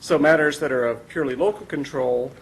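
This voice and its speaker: A man's voice: on the high side, fairly quick, a little hiss or hum, poor audio. A man giving a formal, explanatory presentation to a city council, orderly but with frequent fillers.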